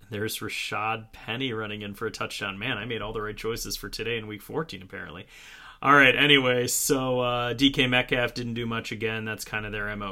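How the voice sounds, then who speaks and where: Bright-voiced wry man recapping football. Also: medium pitch. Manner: wry, sarcastic asides. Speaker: fantasy football podcast host. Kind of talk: solo casual sports recap.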